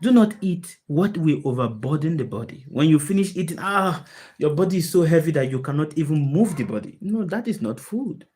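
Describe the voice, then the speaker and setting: A woman with a deep, low voice gives a spiritual talk to a group on a video call. She speaks with emphasis, keeps asking her listeners rhetorical questions and repeats her key phrases to drive them home. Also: animated, brisk, mellow, breathy edge. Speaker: spiritual teacher.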